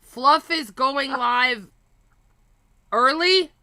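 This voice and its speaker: A woman chatting on a livestream, tipsy and rambling, cursing freely. Her voice is very bright and a touch low, and it sounds dry and close to the mic. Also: very slow, no echo. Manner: profane, rambling, flares into shouting. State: tipsy from an edible. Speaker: livestream co-host. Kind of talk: casual chat.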